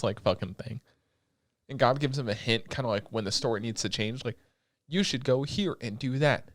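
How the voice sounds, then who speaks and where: A young man on a podcast, chatting casually as he recaps an anime. He rambles and gets excitable, swears freely and leans on filler words. His voice sits at an ordinary pitch, and the recording is dry and close. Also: no room sound. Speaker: podcast co-host.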